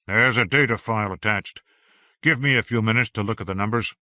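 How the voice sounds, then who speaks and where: A man voicing a gray-haired male astrophysicist with a gravelly voice and casual, measured replies. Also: fairly low pitch, bright, forceful tone, no echo, clean studio sound. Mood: matter-of-fact.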